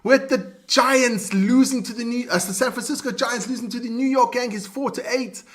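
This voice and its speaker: A man's voice: extremely high pitch, a little fast. A man co-hosting a casual live sports roundup, reading scores with chatty asides while his voice wears out. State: voice wearing out. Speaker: sports show co-host.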